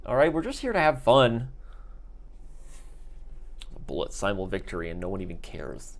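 A man hosting a live chess stream and calling his own games as he plays them. His voice runs a little low, and he keeps up a loose, joking patter throughout. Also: sing-song, moderate pace, pauses often. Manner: joking, playful banter. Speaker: chess stream host and commentator.

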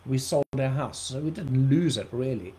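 A man's voice: medium pitch, expressive, normal speed, mellow, low-quality recording. A man from South Africa preaching an earnest livestream sermon, often repeating words for emphasis.

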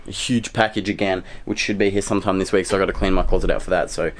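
A man's voice: low voice, fairly even intonation, fast, slight background noise. A young man with an Australian accent, talking casually to his camera at home and at a skate park, swearing freely and rambling. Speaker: vlogger and scooter rider. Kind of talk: casual vlog talk.

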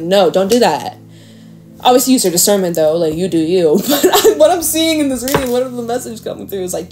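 Woman, tarot reader, casual and emphatic, swears freely, laughs often, warm mellow tone. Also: mid-range voice.

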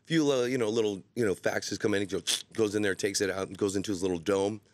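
A comedian guest in a studio, telling a lively story in casual talk-show chat. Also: male voice, quick pace, no room sound. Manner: animated storyteller, slips into deep trailer-voice impressions. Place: radio studio.

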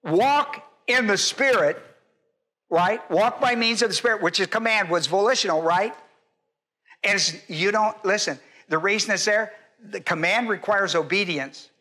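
A man's voice: sits high, normal speed, sharp tone. An older man, a pastor, teaching a Bible sermon in an emphatic, repetitive way and putting questions to his congregation.

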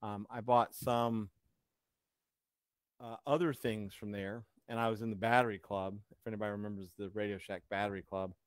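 A man hosting a casual live video chat who rambles and cuts in with sarcastic asides. His voice sits at an ordinary pitch, and the sound is close and dry. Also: steady tone, normal speed, clear, resonant tone, no room sound. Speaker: host.

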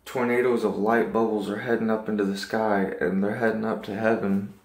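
A man with a fairly low voice recounts a dream in an earnest, rambling way, circling back with likes and restarts. The sound is roomy, with echo off the walls. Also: level tone, brisk, slight background noise. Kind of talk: casual personal storytelling.

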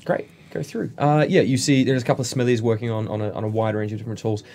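A man's voice: medium pitch, fairly even intonation, quick pace, darkish tone. A man narrating as game master of a tabletop game, with rambling descriptions full of fillers and restarts.

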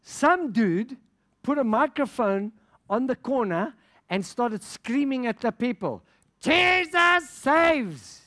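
A man's voice: extremely high pitch, lively intonation, measured pace. A middle-aged man from Africa, preaching a sermon as a pastor, telling stories with passion and laughter and acting out what people said. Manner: passionate storytelling with laughter and quoted dialogue.

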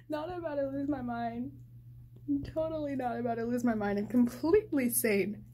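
A young woman vlogging from a clinic, excitable and giggly, talking casually to her viewers. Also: on the high side, moderate pace, slight background noise. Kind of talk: casual vlog chat.

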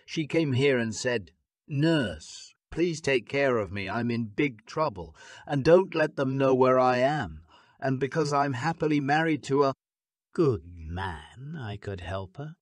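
A man's voice: mid-range voice, expressive, a little slow, dry recording, clean studio sound, pitched above the performer's own voice, natural voice. A man reading an audiobook, voicing a bitter, furious middle-aged woman nurse who accuses and scolds. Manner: accusing, scornful, raising her voice.

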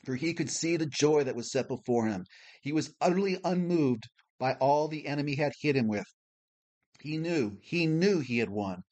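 Man, Bible teacher, measured explanatory delivery, scripted lesson, mid-pitched voice. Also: darkish tone. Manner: measured, explanatory, spells out Greek letters slowly.

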